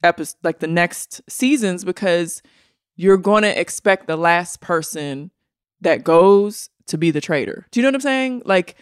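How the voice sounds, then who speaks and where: A woman with a mid-pitched voice that rises and falls a lot. She co-hosts a casual chat, emphatic and often checking in with her listener. The sound is dry and close. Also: animated, unhurried, clean tone, dry recording. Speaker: podcast co-host.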